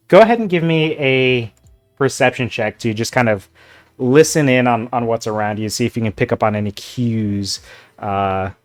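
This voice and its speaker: Easygoing male game master, slow and rambling, faint music behind. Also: medium pitch. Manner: rambling, filler-heavy, easygoing. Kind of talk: narrating a tabletop game.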